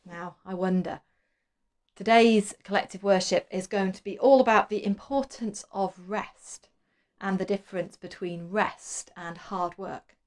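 A woman leading a school worship, asking children gentle questions. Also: medium pitch, steady tone, unhurried. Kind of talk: children's collective worship talk.

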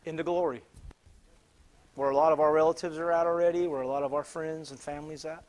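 A man preaching in church, telling a story with many restarts and bursts of loud exclamation. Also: fairly high pitch, fairly even intonation, fast. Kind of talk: sermon storytelling. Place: church sanctuary.

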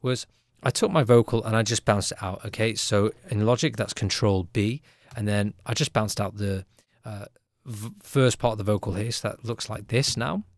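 A man who produces music gives a casual, upbeat tutorial in a chatty way, often tagging lines with a quick question. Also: fairly low pitch, dry recording, studio quality.

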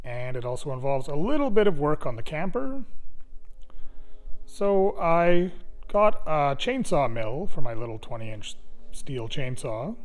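A man giving a relaxed, chatty vlog update on his projects. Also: fairly high pitch, measured pace, faint music behind. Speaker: vlogger. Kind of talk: casual vlog narration.

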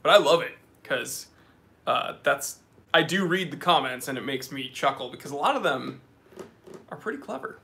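Male live-stream host, casual and joking, bright and slightly high voice, greeting chat viewers by name. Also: lively intonation, moderate pace, gravelly, slight background noise. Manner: reads out viewer names and comments, chatty and joking. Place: office.

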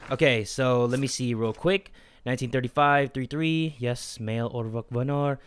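A man voicing a gruff, deep-voiced male border inspector in a video game playthrough, talking low, slow and mock-serious. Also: lightly acted.

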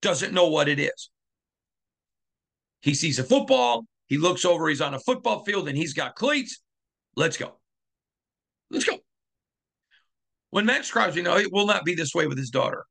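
A man's voice: high voice, very animated, moderate pace, creaky, a bit bright. A middle-aged man hosting a sports podcast, talking in an emphatic monologue and repeating lines for effect. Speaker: podcast host.

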